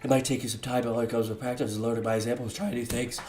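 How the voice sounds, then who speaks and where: Casting: timid bookish teen girl, a man doing her, low and hushed, roomy sound. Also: little pitch movement, very fast, a little hiss or hum, lightly acted. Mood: earnest.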